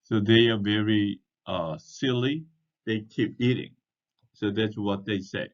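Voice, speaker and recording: A man teaching in a slow, deliberate way, spelling words out letter by letter and speaking. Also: on the low side. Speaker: English teacher. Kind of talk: slow explanatory language lesson. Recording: dull lo-fi recording.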